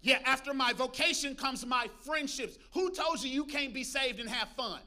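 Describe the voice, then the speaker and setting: A man preaching a lively sermon as pastor, calling out to the congregation and joking between points. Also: very high voice, moderate pace. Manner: preachy call-and-response with congregation, humorous asides. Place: church.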